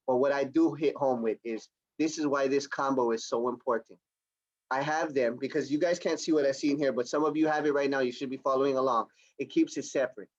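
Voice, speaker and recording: Energetic salesman on a dull video-call line. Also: fairly high pitch. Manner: energetic, enthusiastic, repetitive salesman patter. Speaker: product demonstrator. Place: home or office on a video call.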